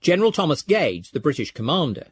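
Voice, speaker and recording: A man giving scripted documentary narration in a measured, storytelling way. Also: fairly high pitch, big pitch swings, breathy edge, no echo.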